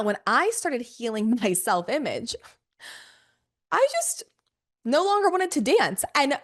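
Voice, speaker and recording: A young adult woman hosting a podcast, talking in an animated, profane, casual monologue with quick bursts and playful asides. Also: on the high side. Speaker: podcast host.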